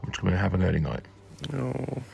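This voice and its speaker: A man's voice: deep voice, lively intonation, a little fast, vocal fry, darkish tone, soft background music. A British man chatting casually to camera in a cheeky way, laughing often and swearing mildly as he vlogs about life on his boat. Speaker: narrowboat vlogger. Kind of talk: casual vlog chat.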